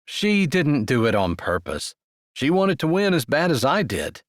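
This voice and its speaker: A man's voice: fairly high pitch, sing-song, measured pace, dry recording, studio quality, pitched above the performer's own voice. A man voicing an easygoing young snowboarder. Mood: calm. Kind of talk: audiobook character voice.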